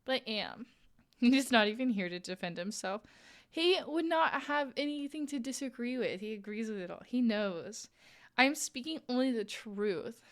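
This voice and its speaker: A young woman streamer telling a story in a casual, animated chat, with lots of "like"s while she crafts on a live stream. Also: on the high side, moderate pace. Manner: chatty, animated, many "like"s, acts out quoted voices. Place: home streaming setup, crafting while talking.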